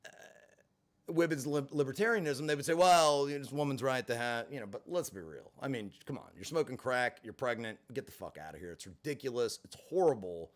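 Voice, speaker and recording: A man's voice: mid-range voice, lively intonation, fairly quick. A middle-aged man telling a personal story to camera, candid and emphatic, swearing freely. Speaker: vlogger in recovery. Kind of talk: storytelling monologue.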